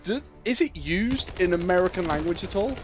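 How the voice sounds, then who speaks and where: A man streaming a video game, chatting casually and teasing his co-player with animated stories. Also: sits high, normal speed, music in the background. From United Kingdom. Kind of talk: casual chat while gaming.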